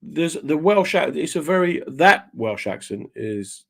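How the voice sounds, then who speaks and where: A man's voice: on the high side, big pitch swings, unhurried, gravelly. A man hosting a radio chat show, talking casually and joking with his guest. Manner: jokey, slips into mock voices.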